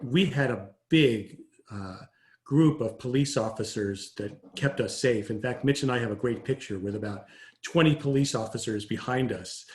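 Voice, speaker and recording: A man's voice: mid-range voice, normal speed, a little mellow. Male host, conversational, reads viewer questions; roomy echo. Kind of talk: interview.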